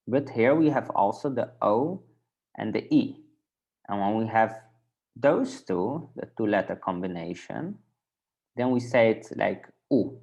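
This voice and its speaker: Slow, gravelly man teaching. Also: mid-range voice, animated, darkish tone. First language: Dutch. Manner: patient, repeats words for learners to copy. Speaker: language teacher. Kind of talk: language lesson.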